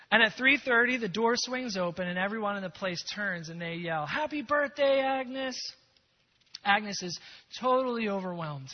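A male preacher telling a story in a sermon, animated, moving from loud to hushed. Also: high-pitched. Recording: long hall echo, dull sound.

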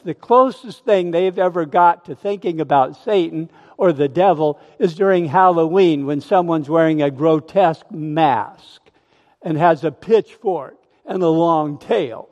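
A male pastor preaching a sermon in a slow, emphatic manner. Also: on the high side, a little mellow, muffled recording. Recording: long hall reverb.

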